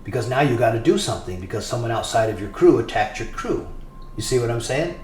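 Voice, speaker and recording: A man recounts his prison days in plain, blunt talk, swearing freely as he goes. His voice sits at an ordinary middle pitch. The room around him is echoey, with a faint hiss underneath. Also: expressive, fast, a little mellow. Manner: blunt, profane, conversational. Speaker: former prisoner telling his story. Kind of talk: casual podcast storytelling.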